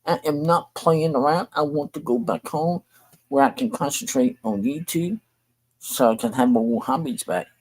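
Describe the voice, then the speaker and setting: A man's voice: fairly high pitch, lively intonation, normal speed, darkish tone, rough recording. An older man, hosting a talk show and complaining bluntly and repetitively. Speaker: show host. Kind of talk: venting monologue to camera.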